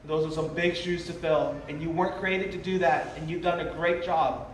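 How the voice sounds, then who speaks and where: A man preaches an earnest, pleading revival sermon with a fairly high voice, stretching his phrases out tenderly. He is some way off the microphone, his voice spreading through a roomy hall with a faint hiss underneath. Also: steady tone, normal speed. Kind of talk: emotional sermon. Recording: roomy, distant live sermon audio with faint noise.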